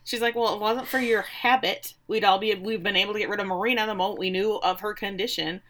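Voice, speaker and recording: A woman's voice: mid-range voice, steady tone, quick pace, a bit bright. A woman co-hosting a casual recap chat, with wry, sarcastic asides. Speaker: podcast co-host.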